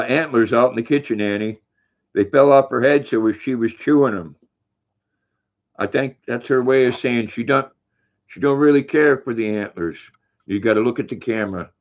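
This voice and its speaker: An older man hosts a lo-fi livestream in a folksy manner, reading viewer comments aloud during casual chat and talking to his dog. His voice is fairly low in pitch.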